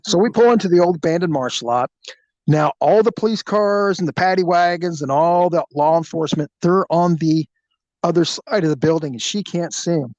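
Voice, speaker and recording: A man's voice: a little high, moderate pace, no room sound, muffled recording. A man who was a police detective, telling stories casually and acting out the voices of the people he quotes. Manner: animated, acts out quoted voices. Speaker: storyteller, former police detective. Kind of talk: casual spoken storytelling.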